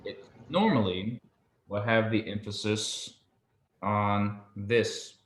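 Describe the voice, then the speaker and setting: A man's voice: lowish voice, slow, roomy sound. A man tutoring basic biblical Hebrew one-on-one, explaining patiently and checking that his student follows. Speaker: Hebrew teacher.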